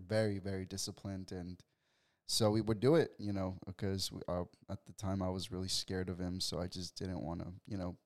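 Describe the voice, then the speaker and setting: A man in his twenties, a guest telling a story in a casual interview, halting with many restarts and fillers. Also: sits low, darkish tone. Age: 20s.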